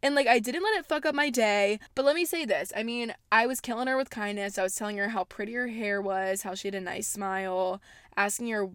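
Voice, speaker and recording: A young woman of eighteen hosts her own podcast from home and tells stories in a chatty, animated rant. She swears all the time but keeps a bubbly tone, and her voice sits in an ordinary middle pitch. The sound is dry and close, with no room echo. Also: a little fast, smooth. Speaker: podcast host. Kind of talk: casual podcast storytelling rant. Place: at home, indoors.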